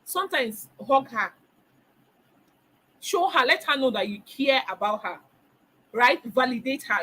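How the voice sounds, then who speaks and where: A woman's voice: high voice, animated, unhurried, long pauses, fairly bright tone, low-quality recording. A middle-aged woman teaching a parenting webinar, emphatic, repeating key phrases and asking rhetorical questions. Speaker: parenting coach.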